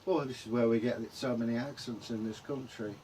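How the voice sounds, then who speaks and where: A man's voice: mid-range voice, fairly even intonation, fairly quick, darkish tone, a little hiss or hum. An English man co-hosting a vlog in casual chat, rambling and trailing off mid-sentence. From England. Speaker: vlog co-host.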